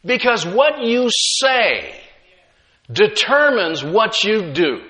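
A middle-aged man preaching a sermon with emphatic delivery, rising loud then dropping quiet, and slipping in humorous asides. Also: high voice, big pitch swings, takes it slowly. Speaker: pastor.

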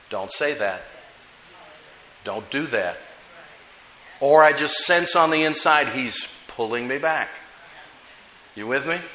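A man's voice: mid-range voice, pushed and bright. An American man preaching a sermon as pastor, telling stories with rising emphasis. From United States. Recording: echoey room, dull lo-fi sound.

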